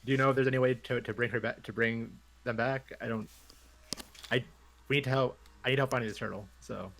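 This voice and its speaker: Brief: male player, gravelly mid-pitched voice, casual, stammers and repeats himself. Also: steady tone, fast, a bit bright, a little hiss or hum. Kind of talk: casual tabletop game play.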